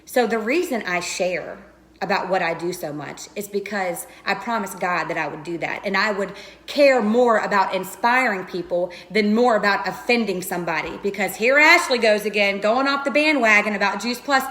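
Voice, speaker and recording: A woman's voice: mid-range voice, normal speed, fairly bright tone, roomy sound. A woman giving an earnest, emotional personal testimony, talking straight to her listeners. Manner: earnest and passionate, addresses listeners as you guys. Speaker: direct sales coach.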